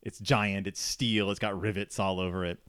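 A low-voiced man chatting loosely about a movie from his living room, wandering into asides and laughing as he goes. The sound is close and dry, with no room around it. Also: fairly even intonation, moderate pace, fairly bright tone, clear, resonant tone, no echo. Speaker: podcast host. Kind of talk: casual film review chat.

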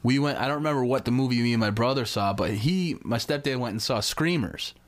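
A man rambles through a story on a podcast, cursing freely. His voice sits at an ordinary middle pitch, loose and chatty. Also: fast talker. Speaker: podcast co-host. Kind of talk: casual chat.

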